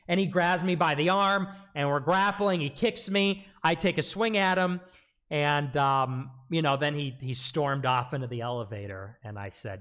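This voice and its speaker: A man casually telling a story on a livestream, animated, acting out quotes in a raised voice. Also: fairly high pitch, normal speed. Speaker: livestream guest.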